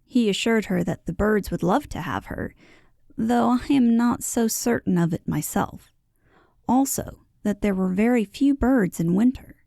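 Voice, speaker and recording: Woman narrator for a classic children's storybook: unhurried and lilting, with a mellow, gravelly tone. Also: mid-range voice, no room sound, clean studio sound. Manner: expressive, lilting delivery that voices the characters. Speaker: audiobook narrator.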